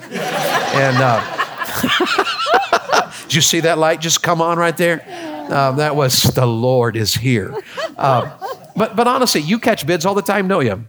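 A man from Tennessee preaching a sermon in a church, folksy and joking with the congregation, often repeating his words. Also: fairly high pitch. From Tennessee, USA.

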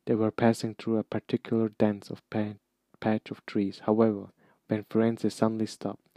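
Brief: male narrator, flat even delivery, dry close-mic reading with small slips. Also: lowish voice, moderate pace, no echo. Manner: steady reading with occasional slips and restarts. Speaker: reader. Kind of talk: amateur audiobook reading.

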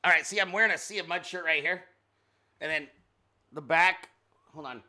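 Male host: bright, tense-edged voice, casual joking rambler who swears freely. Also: fairly high pitch, normal speed, soft background music. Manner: reads sponsor ads informally. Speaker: show host. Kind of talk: casual live-stream commentary.

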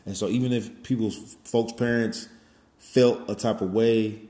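Speaking unhurriedly in a fairly low, warm voice with fairly even intonation, a man in his forties meanders through a long, casual monologue. He leans on fillers like "you know" and "man" and curses freely, and the sound is roomy.

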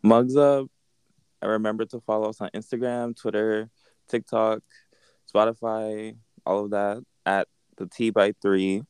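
A man's voice: on the low side, level tone, normal speed, a little mellow, clean tone, no echo. A young man co-hosting a podcast, speaking hesitantly in a casual chat. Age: young adult. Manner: hesitant, with many ums and restarts. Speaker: podcast co-host.

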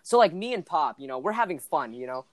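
A woman's voice: low-pitched, fast talker, no echo. A young woman hosting a podcast, telling stories with a voice that swoops up and down. She talks loosely, swears often and laughs her way through her anecdotes. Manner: animated storyteller, swears freely. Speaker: podcast host. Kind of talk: casual chat.

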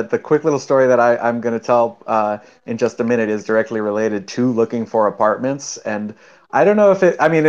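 A man from New York tells a relaxed story in a group chat, stumbling a little now and then. His voice comes through dull and lo-fi, as online audio does. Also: medium pitch.

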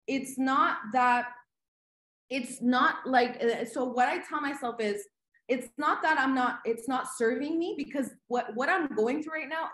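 Animated woman with a high voice. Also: echoey room. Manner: animated, frequent "like" and "right?". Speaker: podcast guest. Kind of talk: motivational livestream talk.

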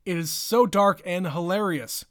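A man in his thirties co-hosting a podcast, reading listener emails in a joking, playful, drawn-out manner. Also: high-pitched, fairly bright tone, no room sound, studio quality. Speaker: podcast co-host.

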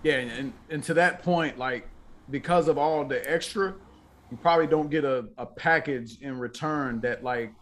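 Soft-spoken man co-hosting sports talk. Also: mid-range voice, normal speed. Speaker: sports talk show co-host.

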